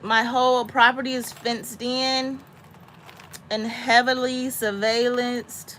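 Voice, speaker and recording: This is a woman in her thirties or forties in a casual chat, lively and dramatic, now and then jumping into a squeaky voice. Her tone is bright and fairly high. A faint hiss of noise sits under the recording. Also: slow pace. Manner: animated, dramatic, jumps into high squeaky voices when quoting. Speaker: homesteading mom chatting with a friend.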